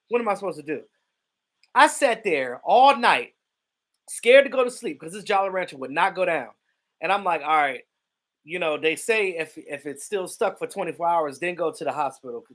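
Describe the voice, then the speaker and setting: Animated man chatting on a livestream. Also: fairly high pitch. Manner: animated storyteller, greets viewers from chat. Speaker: livestream host. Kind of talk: casual livestream chat.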